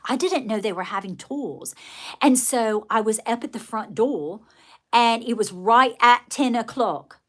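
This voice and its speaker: A woman livestreaming, chatting straight to her viewers in a loose, rambling way. Her voice sits a little high, and she keeps circling back with fillers and restarts as she tells her story. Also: a little slow, fairly bright tone. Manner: folksy, addresses viewers directly. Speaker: live streamer. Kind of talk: casual live-stream storytelling.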